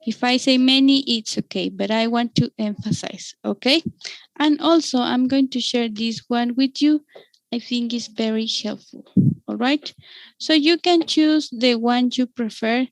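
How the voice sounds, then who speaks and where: Woman, Mexican-accented English teacher, high voice, slow and patient, dry close sound. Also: no echo, poor audio. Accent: Mexican Spanish. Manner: patient, repeats "okay?" to check understanding. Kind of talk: online class teaching.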